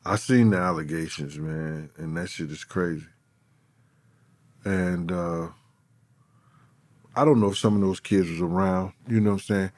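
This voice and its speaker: A man, a former bodyguard, telling stories in an interview with animated, profane speech that swings between loud and low. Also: unhurried, long pauses, dry recording. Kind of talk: storytelling in an interview.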